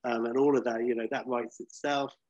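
A man on a podcast pitching a film idea in casual comedic chat. He tells the story animatedly, with lots of fillers, and acts out the scenes as he goes. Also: level tone, fairly quick, darkish tone, dry recording. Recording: dry, slightly dull lo-fi sound.

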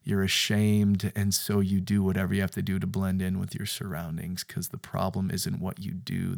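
A man giving a sermon-style podcast talk, stressing his points by repeating phrases and moving from hushed near-whispers to loud bursts. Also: deep voice, monotone, normal speed, creaky, hardly any pauses.

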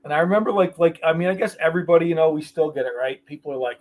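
A man's voice: on the high side, quick pace. Blunt middle-aged man telling stories. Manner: blunt, profane, joking. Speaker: podcast guest. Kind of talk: casual storytelling.

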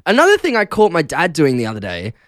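Here the young Australian radio host talks at a quick pace with a fairly high-pitched voice. He's chatty on his casual breakfast show, laughing a lot through animated stories, and the studio broadcast mic sounds clean with no echo.

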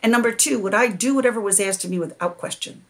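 A middle-aged woman tells a long personal story as a podcast guest. She sounds animated and laughs often as she talks. Her voice sits at an ordinary, medium pitch. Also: fast. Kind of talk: storytelling in a conversation.

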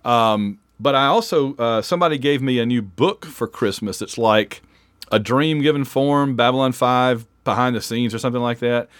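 Man, casual podcast chat, eager fan, mid pitch, dry studio sound. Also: moderate pace, fairly bright tone, smooth, no echo. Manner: chatty, enthusiastic fan, self-interrupting. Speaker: podcast co-host.

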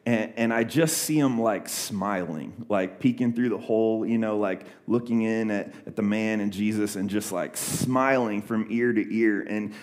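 A man's voice: fairly low pitch, unhurried, hardly any pauses, darkish tone. A young adult man preaching a sermon, retelling a scripture story in a loose conversational way with many fillers and restarts. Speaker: pastor.

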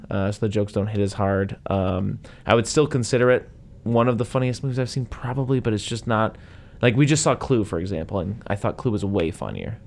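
Man, lowish voice, casual movie chat, rambling, lots of fillers and asides. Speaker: podcast co-host.

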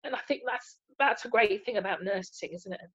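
A woman who is a head of nursing, talking in an emotional, halting way. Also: medium pitch, fairly bright tone, breathy edge, no echo, highs cut off.

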